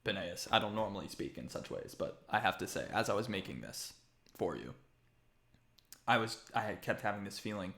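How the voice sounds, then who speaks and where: A man voicing a fussy male wizard taxidermist in a soft, low, murmuring voice with a put-on accent. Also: lively intonation, moderate pace, roomy sound. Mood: solemn.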